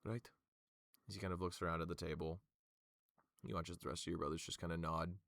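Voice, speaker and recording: A man narrates a tabletop game as game master, using lots of fillers and a loose delivery. His voice is fairly low. The recording is dry and close. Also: level tone, quick pace, gravelly, a bit bright, no room sound.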